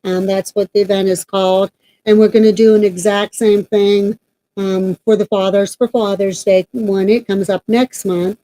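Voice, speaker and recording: Chatty woman with a mellow voice. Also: mid-range voice, flat delivery, normal speed, poor audio. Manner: chatty, rambling with many fillers. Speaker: paranormal team member and co-host. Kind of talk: casual announcement chat.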